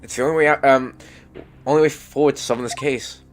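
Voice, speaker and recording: A man's voice: mid-range voice, steady tone, fast, soft background music. A man with a stuffy nose reacting emotionally to a game he is playing, groaning and swearing as he reads the lines aloud. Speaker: gaming streamer. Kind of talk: let's play reading game lines aloud.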